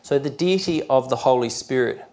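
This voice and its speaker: A middle-aged man preaching a sermon, explaining his points in a plain, teaching way and reading scripture verses slowly and carefully. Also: medium pitch, a little mellow. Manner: explanatory, with fillers and restarts.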